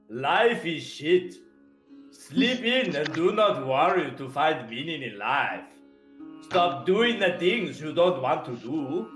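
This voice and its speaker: A man voicing a floating flumph creature that gives slow, solemn, crude wisdom. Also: fairly high pitch, a bit bright. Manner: slow, solemn pronouncements laced with swearing. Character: serene floating flumph sage, crude and blunt. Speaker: game master voicing a creature. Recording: roomy echoey room, faint music.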